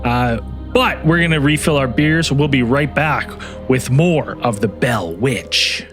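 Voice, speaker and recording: A man's voice: mid-range voice, a little slow, music in the background. A man co-hosting a podcast, reacting with jokes, laughs and swearing in casual chat. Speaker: podcast co-host.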